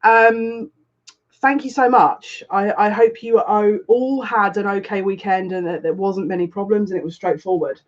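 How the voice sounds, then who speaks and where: A woman's voice: medium pitch, fairly even intonation, moderate pace. Emotional woman greeting live-stream viewers. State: on the verge of tears. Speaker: psychic tarot reader, channel host. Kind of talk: casual live-stream chat. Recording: slightly dull lo-fi sound.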